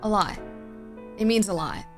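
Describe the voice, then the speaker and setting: A woman voicing a shy, clingy young male creature with cat ears, speaking softly and hesitantly with stammers. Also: medium pitch, expressive, normal speed, faint music behind, natural voice.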